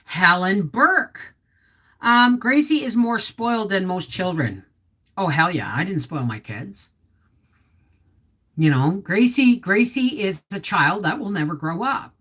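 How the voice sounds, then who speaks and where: A woman's voice: medium pitch, lively intonation, measured pace, a bit bright, husky. A middle-aged woman hosting a casual homestead livestream from home, chatting and reading viewer comments aloud. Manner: chatty, reads viewer comments aloud, baby talk to her dog. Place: home indoors. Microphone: desktop mic.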